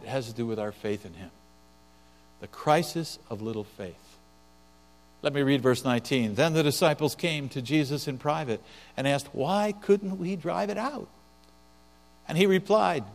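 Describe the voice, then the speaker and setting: A man preaching a sermon as pastor, swinging between soft, quiet passages and loud, emphatic ones. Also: a little high. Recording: long hall reverb with mains hum.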